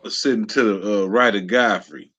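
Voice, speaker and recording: A man on a casual podcast, speaking in a hesitant, measured way and often trailing off. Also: fairly low pitch, fairly bright tone, dull audio, a little hiss or hum.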